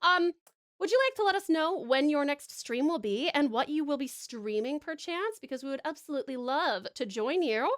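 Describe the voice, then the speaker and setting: Bubbly high-voiced Australian woman streamer. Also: animated, moderate pace. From Tasmania, Australia. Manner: bubbly, gushing, many ums. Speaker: streamer and artist. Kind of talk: casual live-stream chat.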